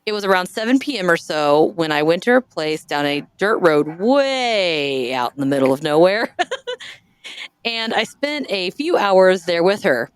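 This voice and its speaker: A woman's voice: on the low side, big pitch swings, unhurried, clear, resonant tone, dry recording. A woman hosting a podcast in casual chat, reading listener stories aloud, jokey and self-deprecating, often trailing off and restarting. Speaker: podcast host.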